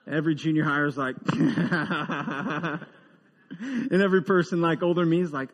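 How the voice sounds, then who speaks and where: A man preaching a humorous, conversational sermon, dropping into quiet asides and rising into emphatic build-ups. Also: on the high side, a little slow, pauses often, long reverb tail. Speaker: pastor.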